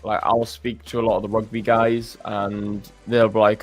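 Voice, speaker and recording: A man's voice: lowish voice, completely flat delivery, fairly quick, hardly any pauses, lo-fi sound. A man with a Pembrokeshire Welsh accent, hosting a livestream in a chatty, casual way and laughing often. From Pembrokeshire, Wales. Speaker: livestream host. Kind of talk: casual chat.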